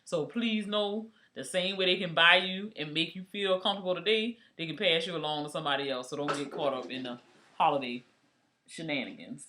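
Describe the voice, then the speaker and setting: A woman's voice: lowish voice, fairly quick, bright, forceful tone, slight background noise. A woman co-hosting a casual podcast, talking in a blunt, teasing way. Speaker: podcast co-host.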